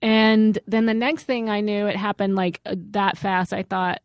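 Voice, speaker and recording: A woman's voice: mid-range voice, fairly even intonation, moderate pace, smooth, dry recording, clean studio sound. A woman co-hosting a comedy podcast, telling a self-mocking story in casual chat. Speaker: podcast co-host.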